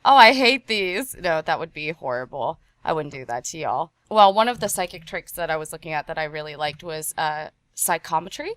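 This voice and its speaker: A woman's voice: deep voice, brisk, few pauses, no room sound. A bubbly, giggly woman playing in a tabletop game, chatting casually on a remote home mic.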